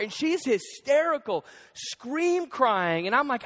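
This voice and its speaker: A young male pastor preaching a sermon, telling stories in an animated, joking way. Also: very high-pitched, measured pace, hardly any pauses. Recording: echoey church hall.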